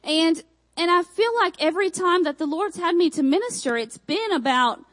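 A young woman from Michigan with a Texan accent, preaching a sermon with emphatic repeated phrases and quick asides. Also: extremely high pitch, expressive, fairly bright tone, low-quality recording.

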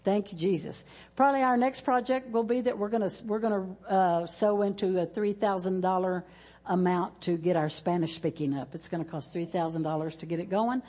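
A woman pastor with a lowish, warm voice talks to her church fairly quickly and in a folksy manner. She sprinkles in praise interjections during the service talk and finishes with a chanted closing prayer.

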